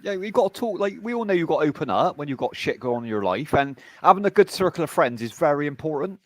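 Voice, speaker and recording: A man's voice: a little high, big pitch swings, fast, no echo. Casting: man, casual online chat, blunt and profane, dry close sound. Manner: blunt, swears a lot, repeats himself. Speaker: streamer.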